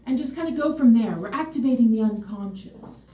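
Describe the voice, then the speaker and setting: A woman quoting a calm woman who gently guides a regression session, in her own voice with a soft, steady manner. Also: fairly high pitch, a little fast, close to an everyday voice. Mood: calm guiding. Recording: roomy hall, mic far off.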